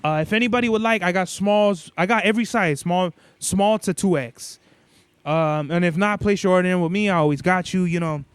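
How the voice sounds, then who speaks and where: High-voiced man ranting, profane and blunt. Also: brisk, smooth, dry recording. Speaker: podcast host. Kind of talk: casual rant. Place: indoors. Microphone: cabled microphone.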